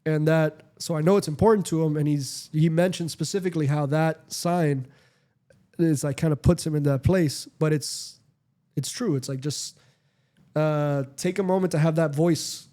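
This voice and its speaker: Chill guy host rambling on his podcast, mellow warm voice, lots of likes. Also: on the high side, fairly even intonation, normal speed. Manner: rambling, frequent fillers and profanity. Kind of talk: casual chat.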